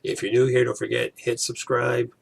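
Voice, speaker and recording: A man's voice: mid-range voice, completely flat delivery, moderate pace, vocal fry, slight background noise. A man giving a casual, rambling spoken movie review, talking to viewers with lots of fillers and restarts.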